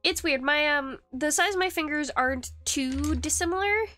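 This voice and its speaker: This is a woman's high, pushed, bright voice at a moderate pace, with soft music playing behind her. She's live-streaming as she carves rings, rambling along in self-deprecating chat thick with fillers and restarts.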